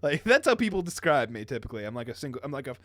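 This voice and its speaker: A man's voice: mid-range voice, big pitch swings, very fast, a bit bright, no room sound, clean studio sound. A young man co-hosting a podcast, chatting casually and rambling, often breaking into laughter. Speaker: podcast co-host. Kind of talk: casual chat.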